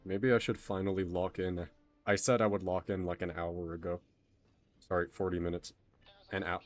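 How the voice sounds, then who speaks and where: A young man from Texas chatting casually while he streams a game. His voice sits a little low. He rambles, puts himself down and is quick to say sorry. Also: level tone, faint music behind. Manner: rambling, self-deprecating, quick to apologize. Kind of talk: casual gaming stream chat.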